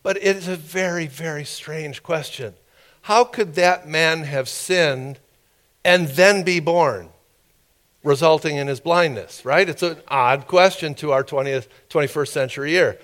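A man preaching a sermon, telling a story in a conversational, halting way with many fillers. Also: a little high, fairly bright tone. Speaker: pastor.

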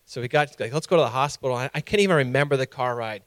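A man preaching a sermon who reads scripture and tells a personal story, acting out his own past lines loudly. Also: mid-range voice, expressive, fairly quick, dry recording.

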